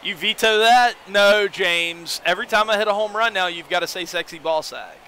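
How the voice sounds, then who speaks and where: A young man casually commentating a baseball video game on a live stream, joking with his chat and getting excitable. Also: sits high, normal speed, few pauses, clear, resonant tone.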